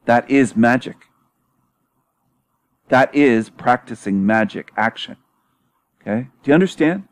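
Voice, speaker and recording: On his own YouTube channel, a man talks in a casual monologue, ridiculing his critics with frequent laughs, curse words and emphatic repetition. His medium-pitched voice moves a little slowly, with long pauses.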